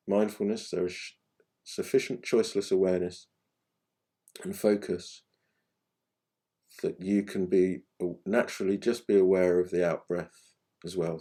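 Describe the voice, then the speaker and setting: A man leads a guided meditation lesson in a deep, mellow voice. He speaks gently and without hurry, his sentences often sinking to a soft, quiet finish. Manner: gentle, unhurried, phrases trailing off softly. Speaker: meditation teacher.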